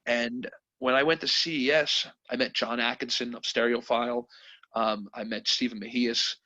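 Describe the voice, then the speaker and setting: A man, a company president, telling candid stories in an interview with animated, emotional delivery over a video call. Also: mid-range voice, moderate pace, rough recording. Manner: animated, emotional, quotes others with voices. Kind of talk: candid storytelling.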